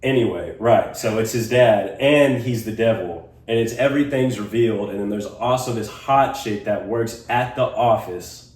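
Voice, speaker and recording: A man's voice: on the low side, moderate pace, darkish tone. A young man chatting casually as a podcast co-host, telling a rambling story full of fillers and swearing. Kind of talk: casual chat. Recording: roomy, distant mic, faint noise.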